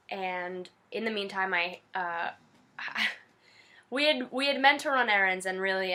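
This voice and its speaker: Young woman, bright clear voice, emotional, teary, gushing, filler-heavy casual vlog chat. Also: medium pitch. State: teary-eyed. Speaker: vlogger.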